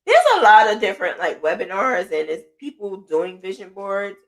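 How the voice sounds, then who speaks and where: In a relaxed solo podcast segment, the female host talks in a chatty, encouraging style full of fillers, her mid-range voice moving at a moderate pace. Whenever she quotes her own thoughts, her voice leaps up excitedly.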